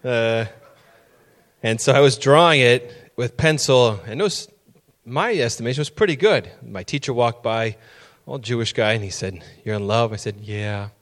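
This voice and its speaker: Middle-aged guy preaching, casual storytelling then gets loud and intense, regular pitch. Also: moderate pace. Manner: storytelling, builds to emphatic raised voice. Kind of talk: sermon with personal stories.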